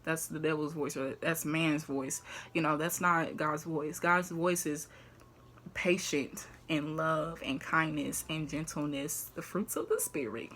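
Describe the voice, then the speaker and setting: Young woman vlogger, casual faith talk, chatty and loose, low-ish pitch, bright edge. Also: steady tone, a little slow, slight background noise. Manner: chatty, fills with "like" and "you know", laughs often.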